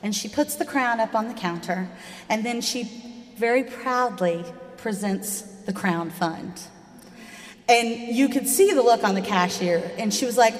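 A woman, telling a personal story live with a wry touch, sometimes dropping to a hush. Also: a little high, measured pace. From Southern United States. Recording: echoey hall with long reverb.

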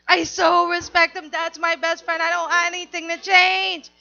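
A woman telling a candid personal story in an animated, confessional way, on a dull lo-fi recording. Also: extremely high pitch, normal speed, gravelly.

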